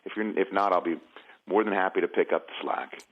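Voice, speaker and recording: A man's voice: low-pitched, fairly even intonation, brisk, narrow, tinny audio. A man joking around as a radio show guest, rambling with many restarts. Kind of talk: casual radio chat.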